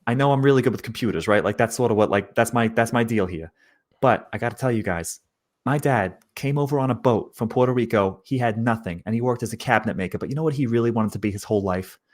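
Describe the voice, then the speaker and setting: A man's voice: medium pitch, fast, natural voice. Brash streetwise hacker lady telling a big story, man putting her on, mid voice. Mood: boastful. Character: fast-talking woman hacker, boastful storyteller.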